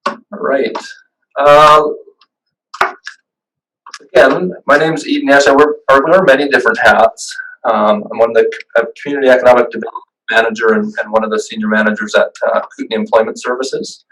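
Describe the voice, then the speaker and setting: A man's voice: medium pitch, fairly even intonation, brisk, fairly bright tone, distant mic, low-quality recording. A man presenting a webinar over a video call, talking in a casual, chatty way with fillers and restarts. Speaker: business owner giving a webinar.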